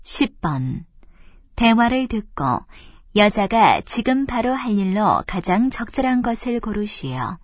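Female exam announcer: rapid, slightly husky, formal reading in a dry booth. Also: medium pitch, big pitch swings, no room sound. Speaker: exam narrator.

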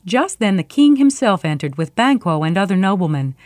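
A woman narrating a storybook in a clear, steady reading voice. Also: mid-range voice, brisk, no echo.

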